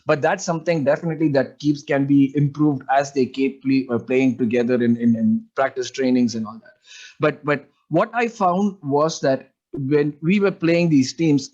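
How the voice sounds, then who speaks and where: A man's voice: mid-range voice, a little mellow. Rambling man on a lo-fi podcast. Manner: rambling, sprinkles fillers like "like, you know". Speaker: podcast co-host. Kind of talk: casual fan podcast chat.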